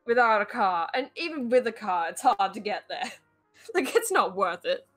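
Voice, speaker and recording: A woman with an Australian accent chatting on a late-night stream, blunt and swearing freely, with halting restarts. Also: medium pitch, very animated, a bit bright, no room sound, soft background music. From Western Australia. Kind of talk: late-night casual chat.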